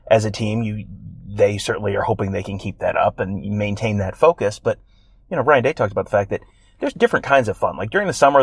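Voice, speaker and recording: Guy with a lowish voice cohosting a sports podcast, kinda rambly and wry, dry close mic. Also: vocal fry, husky, no echo. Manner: wry, rambling, self-deprecating jokes. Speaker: podcast co-host. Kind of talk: casual sports chat.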